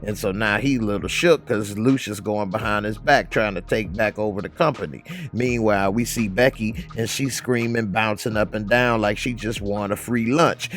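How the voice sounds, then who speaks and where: A man giving a casual, slangy TV episode recap, animated as he retells scenes. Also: lowish voice. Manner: animated, slangy, acts out characters. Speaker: TV recap reviewer.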